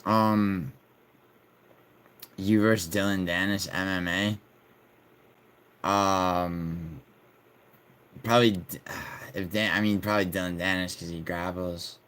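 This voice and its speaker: A man's voice: sits low, fairly bright tone. A man streaming live, casually reading and bantering with viewers' messages in a loose, profane way.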